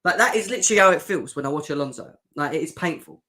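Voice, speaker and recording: This young male fan show host runs a livestream football reaction chat, bantering with viewers in a casual, sarcastic, joking way and reading out their comments. His voice is on the high side, expressive, fast, bright and forceful.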